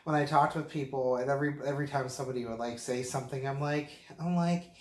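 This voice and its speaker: A man's voice: mid-range voice, level tone, fast talker. A man from the Pittsburgh area, mildly tipsy, rambling casually to camera with lots of fillers and frequent laughs. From Pittsburgh area, western Pennsylvania. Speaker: vlogger. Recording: roomy echo.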